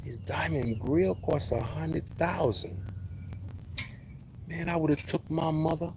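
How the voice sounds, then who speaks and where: A man, talking in a casual monologue, preachy and emphatic, dropping into low asides. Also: slow, long pauses, a little mellow, slight background noise, rough recording. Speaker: vlogger giving advice.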